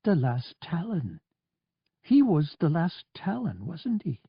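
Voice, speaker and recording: A man's voice: a little high, wildly swooping pitch, takes it slowly, slightly rough, no echo, highs cut off, pitched above the performer's own voice, exaggerated voice. A man doing a worried, angry young woman pilot. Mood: pleading. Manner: pleading and insistent.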